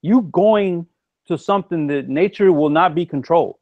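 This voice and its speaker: A man's voice: fairly high pitch, animated, normal speed, narrow, tinny audio. A man co-hosting a casual talk show, blunt and mocking, swearing freely. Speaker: podcast co-host. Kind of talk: casual chat.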